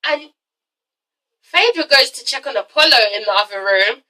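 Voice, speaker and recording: A woman's voice: high-pitched, animated, normal speed, pushed and bright, far from the mic, rough recording. A woman reviewing a TV episode in a casual, gossipy rant, frank and swearing freely. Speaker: TV show reviewer.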